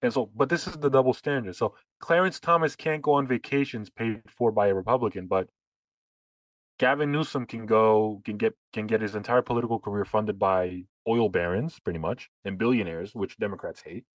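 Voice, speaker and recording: A man's voice: on the low side, fairly quick, dry recording, low-quality recording. Man, podcast co-host, sarcastic, rambling restarts, dry close mic. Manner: sarcastic, talks in long runs with restarts. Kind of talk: casual political chat.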